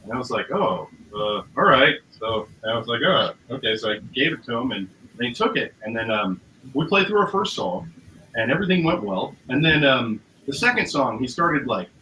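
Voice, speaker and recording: A man's voice: mid-range voice, big pitch swings, fairly quick, sharp tone, lo-fi sound. A man, a musician guest, telling a story casually in a rambling way, with many fillers and acted-out quotes. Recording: roomy, noisy recording.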